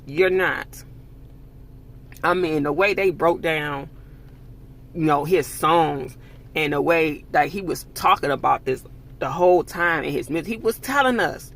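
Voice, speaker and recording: Brief: heated man vlogger, raspy and gravelly, slightly high voice, cursing rant. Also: a little slow, pauses often, fairly bright tone. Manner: angry, profane, emphatic ranting. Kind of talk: heated commentary monologue.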